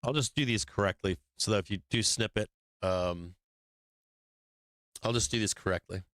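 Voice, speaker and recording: Blunt, bright-voiced male trading host. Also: fairly low pitch, normal speed, no room sound. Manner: blunt, profane, rambling, with many fillers. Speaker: stock market show host. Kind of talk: casual trading commentary.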